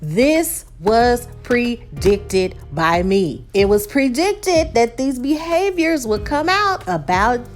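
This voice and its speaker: This is a woman giving a casual reality TV recap. Her slightly high voice swings widely in pitch as she dramatizes each scene. Faint music plays under her talk. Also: takes it slowly, few pauses. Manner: animated, dramatic, acts out quotes. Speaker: recap and review vlogger.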